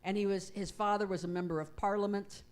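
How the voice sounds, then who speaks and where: A woman pastor giving a conversational sermon, reading prayers slowly and reflectively. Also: mid-range voice, fairly even intonation, a little mellow. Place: church sanctuary.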